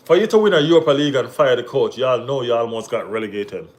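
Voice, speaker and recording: A Jamaican man hosting a casual football watch-along stream, bantering with viewers in relaxed Caribbean slang. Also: medium pitch, fast talker. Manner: laid-back banter with Caribbean slang, bursts of excited teasing. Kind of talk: casual live-stream chat reading viewer comments.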